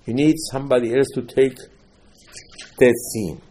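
Animated man teaching a Torah class. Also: mid-range voice, normal speed. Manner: animated storytelling, swings between loud and soft; mixes Hebrew terms into English. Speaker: religious teacher.

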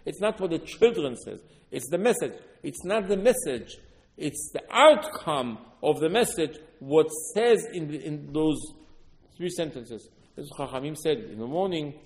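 A man delivers a Torah sermon in a somewhat high voice, earnest and insistent. He repeats phrases and punches certain words loudly. His voice trails into a long, echoing hall reverb. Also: lively intonation, measured pace. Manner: earnest, repeats words, sudden loud emphasis. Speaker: religious teacher.

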